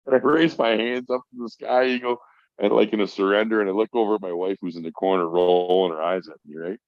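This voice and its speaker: A man's voice: on the low side, steady tone, a little fast, dry recording. A man, a podcast guest who works in mental health, tells a story in a casual, emphatic and profane way. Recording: dull lo-fi dry sound.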